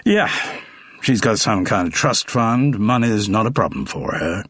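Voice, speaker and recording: A man's voice: on the low side, animated, unhurried, fairly bright tone, husky, no echo, studio quality, pitched above the performer's own voice, exaggerated voice. A man reading an audiobook, voicing a cautious, affable American actor. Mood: guarded. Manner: cautious, guarded. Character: wary American TV star man, affably humble.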